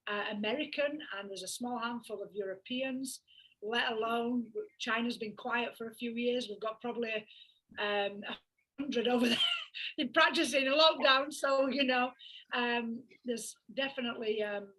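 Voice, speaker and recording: A woman panelist talking in a relaxed, measured way. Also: fairly high pitch, poor audio. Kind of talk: panel discussion.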